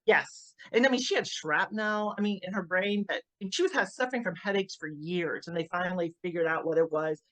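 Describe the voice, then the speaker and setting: A middle-aged woman, a grieving mother, giving an emotional personal account in an interview, often halting and repeating words as she restarts. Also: fairly low pitch, fairly bright tone, no room sound.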